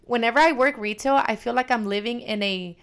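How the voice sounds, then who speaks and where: Young female podcast co-host, gravelly, pitched a little high, animated and profane. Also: brisk. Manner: animated storytelling, heavy swearing. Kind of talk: casual chat.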